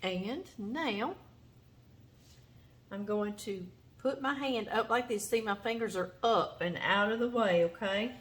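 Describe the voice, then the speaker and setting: A Louisiana woman hosts a home cooking show, showing off knife work in her kitchen with chatty, folksy talk, even speaking to the vegetables. Her Southern voice is mid-range and slow, with chopping and kitchen noise behind her.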